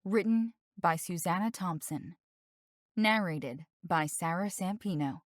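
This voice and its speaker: A woman with a fairly low voice narrates an audiobook in a measured, even storytelling style. The recording is dry, with clean studio sound.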